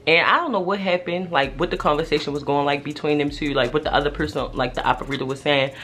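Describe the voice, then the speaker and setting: A young adult woman telling a personal story in a casual vlog, animated and slangy, swearing freely. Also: low voice, quick pace, a little hiss or hum. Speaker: vlogger.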